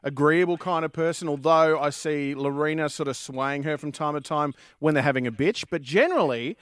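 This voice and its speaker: A man's voice: fairly high pitch, fairly quick, no echo, clean studio sound. A man co-hosting a podcast, agreeable and jokey while recapping a reality show. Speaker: podcast co-host.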